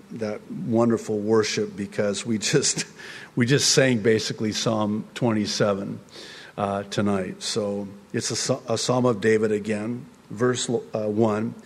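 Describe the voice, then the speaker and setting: Middle-aged male pastor, sermon, unhurried delivery, long hall reverb, builds to emphatic peaks then talks quietly. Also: mid-range voice.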